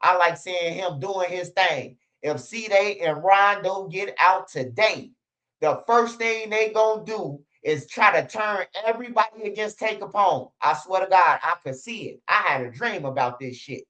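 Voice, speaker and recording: A man, a street news blogger telling stories in a casual, animated, profane monologue, acting out other people's voices. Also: high-pitched, measured pace.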